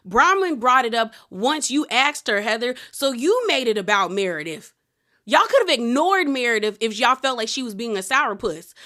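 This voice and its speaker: A woman casually recapping a reality TV episode in an animated, sassy storytelling manner. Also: high voice.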